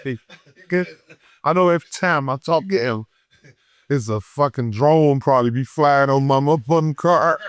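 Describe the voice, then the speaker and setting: A man from Detroit with a Detroit accent, telling a story in an unfiltered, profane, heated way, swinging between loud and low. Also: moderate pace, smooth, dry recording, clean studio sound. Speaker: guest. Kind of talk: unfiltered casual interview. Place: podcast studio.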